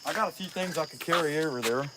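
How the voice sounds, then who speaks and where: A folksy man from Southeast Ohio talks with a country twang in a fairly high voice, joking and greeting viewers by name as he works outside. Crickets and insects buzz faintly behind him in the open air. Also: fast talker, background noise. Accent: Appalachian Ohio. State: out of breath. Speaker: chainsaw carver livestreaming. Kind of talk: casual livestream chat while working. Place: outdoors at a rural carving spot.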